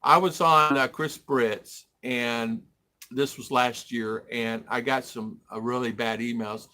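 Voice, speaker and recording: A man's voice: mid-range voice, fairly even intonation, takes it slowly, sharp tone. A middle-aged man from the United States hosting a casual livestream, rambling and reading viewer comments aloud. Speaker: livestream host. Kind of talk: casual live-stream chat.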